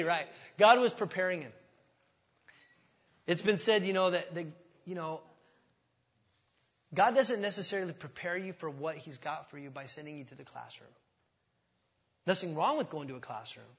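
A man's voice: on the high side, a bit bright. A middle-aged man preaching a sermon as pastor, impassioned and often rising to emphatic outbursts.

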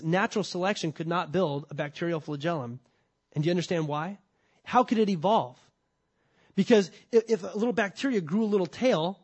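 Male pastor, higher voice, emphatic sermon delivery, lots of rhetorical questions and repetition. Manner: repeats key points for stress.

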